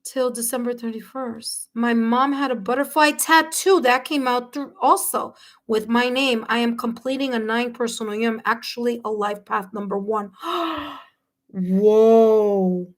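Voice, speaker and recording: A woman's voice: on the high side, steady tone, normal speed, fairly bright tone. A woman hosting a live tarot reading, talking effusively to viewers and gasping and exclaiming as she reads their replies. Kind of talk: live-stream chat, reading viewer comments aloud.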